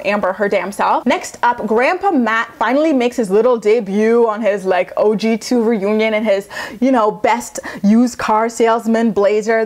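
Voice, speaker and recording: A young woman vlogger giving a sassy, opinionated, chatty recap in a casual style. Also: medium pitch.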